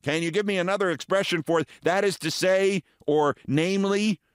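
A man's voice: sits high, normal speed, clear, resonant tone, no room sound, studio quality, pitched above the performer's own voice, close to an everyday voice. A man voicing a fussy, inquisitive secretary bird who keeps asking questions. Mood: questioning.

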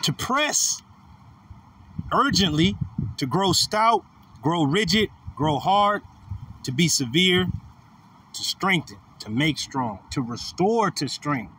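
A man's voice: on the high side, animated, slow, long pauses, pushed and bright. A man leading an informal bible study, teaching with slangy asides and laughter. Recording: distant mic with light noise.

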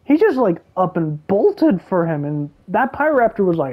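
A woman giving excitable gameplay commentary, gasping and exclaiming as she reacts. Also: lowish voice, moderate pace, hardly any pauses, phone-quality sound. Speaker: gaming YouTuber.

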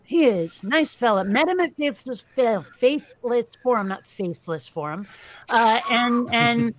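A woman hosting a live stream in casual chat, rambling and quick to laugh. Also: fairly high pitch, animated, slight background noise.

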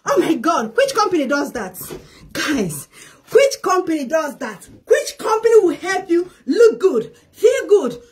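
A woman promoting her network marketing business in an excited live video, shrieking with joy, laughing often and repeating herself. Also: very high-pitched, unhurried. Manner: shrieking, exuberant, repetitive; laughs often while talking.

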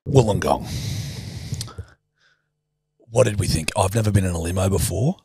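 Gravelly Australian man, casual podcast chat. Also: low-pitched, animated, moderate pace, dark tone, a little hiss or hum. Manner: sweary, storytelling with put-on voices. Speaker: podcast co-host.

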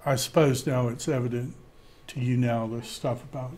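A man teaching a Greek class, thinking aloud, with many fillers and pauses. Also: mid-range voice, steady tone, darkish tone, slight background noise.

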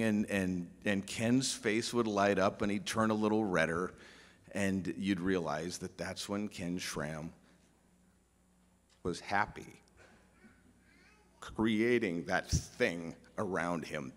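A man giving a humorous, story-filled memorial speech with restarts and emphatic pauses, in a large pavilion hall. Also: fairly low pitch, fairly bright tone. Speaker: eulogist speaking at a memorial. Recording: long hall reverb.

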